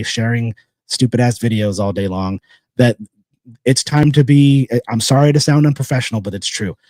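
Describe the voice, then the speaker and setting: Man, podcast host, blunt and rambling, dry close sound, mid-pitched voice. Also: no echo. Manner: blunt and rambling, with repeated phrases and sponsor shout-outs. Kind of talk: casual solo podcast monologue.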